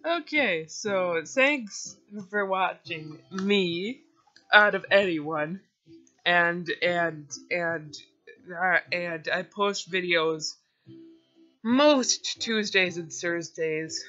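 Rambling male vlogger with a bright, sharp voice and a slow, unhurried delivery, on a dull lo-fi recording. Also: high voice, faint music behind. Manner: hesitant, rambling, self-deprecating, with many fillers and restarts. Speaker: video creator summarizing a book. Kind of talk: casual rambling summary.

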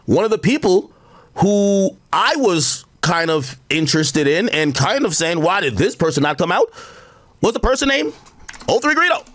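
A man's voice: high-pitched, big pitch swings, normal speed, a bit bright, no echo. A man talking on his own stream in a casual, rambling way, explaining gossip with quoted asides. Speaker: internet commentator in a played clip.

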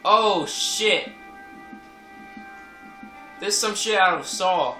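High-voiced, cursing game commentator. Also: male voice, extremely slow, long pauses, recorded from a distance. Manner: profane, loud outbursts, laughing. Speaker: gameplay commentator. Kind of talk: let's play commentary. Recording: echoey room, game music behind.

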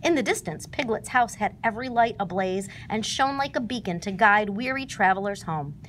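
A woman reading a children's storybook aloud, narrating in an expressive, animated way. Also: mid-range voice, moderate pace, slight background noise.

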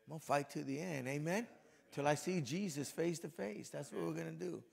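Hoarse middle-aged pastor, gravelly voice, preaching to the men then praying hard. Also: male voice, fairly high pitch, brisk, darkish tone. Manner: conversational preaching, rising to fervent prayer. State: hoarse, voice worn from yelling. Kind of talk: sermon and closing prayer at a men's breakfast.

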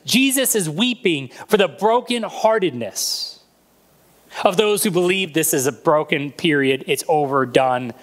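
A man's voice: a little high, animated, measured pace. A man preaching a sermon as a pastor, retelling a Bible story and acting out the voices in it.

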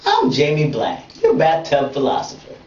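A woman hosting a comedic monologue show, talking in an animated way that swings from playful to mock outrage, recorded in a bathroom. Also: sits low, normal speed, very noisy. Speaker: comedic web show host. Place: bathroom, in a bathtub. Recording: roomy, distant, dull lo-fi sound.

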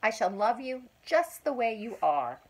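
A woman's voice: a little high, a little slow, slightly rough, heavily acted. An older woman doing an overjoyed old woodcarver. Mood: joyful. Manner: excited, exclaiming.

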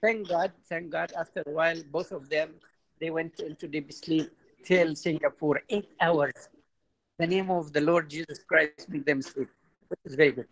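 Gravelly-voiced priest, halting delivery. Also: male voice, fairly high pitch, steady tone, a bit bright, no room sound, poor audio. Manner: halting, repeats words, tells anecdotes. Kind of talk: informal talk to a youth audience.

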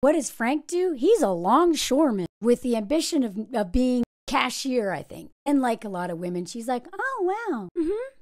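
Woman, animated film-rant host, sarcastic edge, fairly high voice. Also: moderate pace, few pauses, no echo, studio quality. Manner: blunt, sarcastic, emphatic. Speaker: video creator reviewing a film. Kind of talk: opinionated film commentary.

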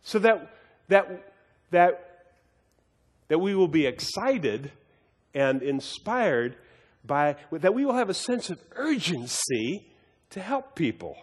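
A man's voice: high-pitched, sing-song, slow, long pauses, breathy edge, in a large hall. A man teaching a Bible study as a sermon, earnest and emphatic, often repeating and restarting his words as he tells a story.

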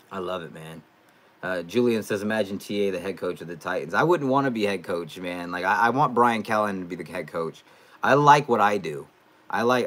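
A young Californian with a low voice runs a sports fan channel and is hosting a casual livestream. He reads comments aloud in a relaxed, chatty manner, then bursts into loud excitement.

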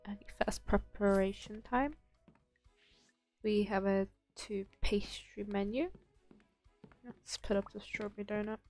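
A woman's voice: mid-range voice, steady tone, unhurried, long pauses, darkish tone, soft background music. A young woman giving casual commentary while playing a bakery game, chatting to herself and to the customers in the game. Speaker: gaming channel host.

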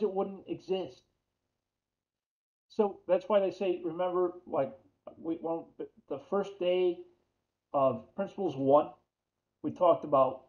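A man's voice: fairly high pitch, a little mellow. A man with a New York accent giving a chatty accounting lecture, repeating key terms and putting questions to the class. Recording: dull lo-fi lecture audio.

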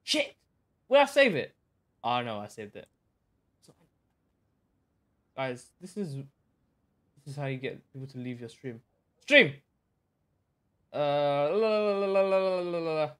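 A young man giving chatty live commentary while playing a game, excitable and bursting into shouts. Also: a little high, unhurried, long pauses, smooth. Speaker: live streamer.

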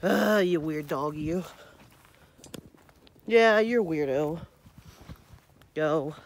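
A woman's voice: sits low, drawn-out words, slight background noise. A young woman chatting casually in a home vlog and coaxing her dog along. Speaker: vlogger.

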